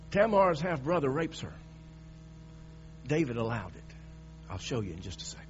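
A man's voice: medium pitch, very animated, moderate pace. A man preaching a sermon in an emphatic, dramatic way, often restarting his sentences. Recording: dull recording with mains hum.

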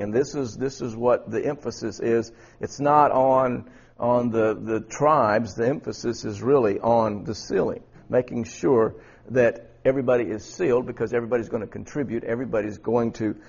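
A man's voice: medium pitch, creaky, a little mellow, breathy edge, dull audio. A man preaching a Bible lesson in a conversational way, with many restarts and rhetorical questions. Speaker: preacher teaching a Bible study. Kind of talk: sermon.

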